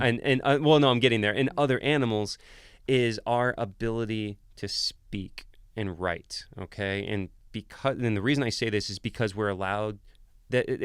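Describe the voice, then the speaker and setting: A young adult man telling stories casually on a podcast as a wildlife guest, lively and often laughing as he acts out people he met. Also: fairly low pitch, smooth, no echo, studio quality.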